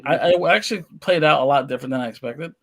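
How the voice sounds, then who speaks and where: A man's voice: on the high side, quick pace, a bit bright, slightly rough. A man co-hosting a casual podcast chat, speaking hesitantly and restarting often. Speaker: podcast co-host.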